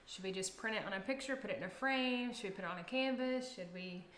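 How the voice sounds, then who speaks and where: A woman in a casual family chat, quick and chatty, asking for ideas, in an echoey room with faint noise. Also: mid-range voice, fairly bright tone.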